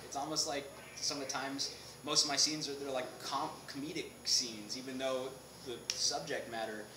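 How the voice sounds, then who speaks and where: Laughing actor in an echoey noisy room. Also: male voice, medium pitch, normal speed. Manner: animated, laughs often, restarts sentences. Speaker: actor interviewed as guest. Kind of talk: casual interview chat. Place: on a film set.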